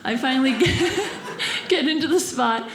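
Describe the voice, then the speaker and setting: Woman, young adult, stand-up comedian, high voice, giggly, acts out voices, roomy stage, audience noise. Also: animated, moderate pace, fairly bright tone. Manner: giggly, laughs through her lines, acts out voices. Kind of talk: stand-up storytelling.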